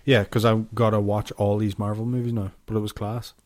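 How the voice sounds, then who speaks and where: A man's voice: on the low side, little pitch movement, fairly quick, darkish tone, no room sound. An Irish man co-hosting a podcast, blunt and sarcastic in casual banter. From Ireland. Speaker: podcast co-host.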